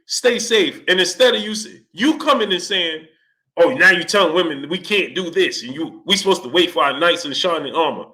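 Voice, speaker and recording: Bright-voiced man hosting a casual livestream. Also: a little high, expressive, normal speed. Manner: greets chat viewers by name, rising to exasperated outbursts. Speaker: livestream host.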